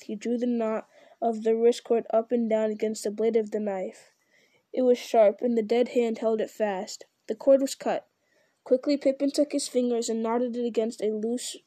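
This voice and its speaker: Woman narrator, storybook reading, steady pace, mellow tone, dry close mic. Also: a little high, dry recording. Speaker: audiobook reader.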